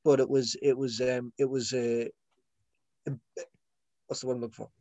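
A man's voice: mid-range voice, little pitch movement, normal speed, dark tone, dry recording. A young man chatting casually, rambling with lots of restarts and laughs. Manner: rambling, many restarts and fillers; laughs often. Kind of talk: casual chat.

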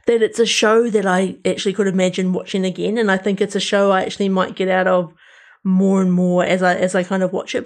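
Gravelly co-host chatting about TV. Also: male voice, high voice. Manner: rambling, many restarts and fillers. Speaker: podcast co-host. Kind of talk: casual chat reviewing TV shows.

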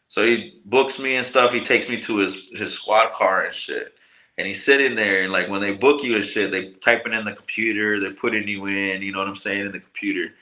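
A man's voice: lowish voice, a little fast. A man from telling a long story in casual, profane slang, acting out the people he quotes. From Michigan, US. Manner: profane, slangy, animated retelling with quoted voices. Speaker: podcast guest, cannabis grower. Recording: roomy echo.

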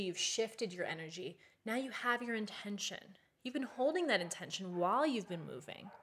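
A woman's voice: medium pitch, a bit bright. A young woman casually teaching modern witchcraft in a chatty, candid way, with frequent fillers and the odd swear word.

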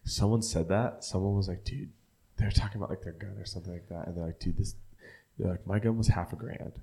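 A man's voice: low voice, fast talker, vocal fry, slightly rough. A young man co-hosting a podcast, telling stories with acted-out quotes and plenty of swearing. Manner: animated storyteller, acts out quotes, swears freely. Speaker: podcast co-host. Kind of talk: casual banter.

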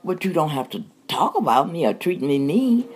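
A woman's voice: low-pitched, big pitch swings, moderate pace, a little mellow, slight background noise. A woman talking bluntly and plainly, in a folksy way.

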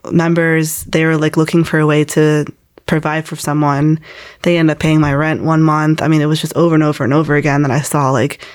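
A woman in her twenties, a guest telling her personal faith story in a casual, earnest way, with many "like"s. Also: deep voice. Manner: casual and earnest, heavy use of "like".

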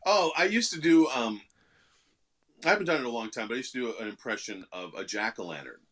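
A man's voice: medium pitch, expressive, quick pace, fairly bright tone. A middle-aged man, an actor and guest, telling self-deprecating stories with many fillers in a casual interview.

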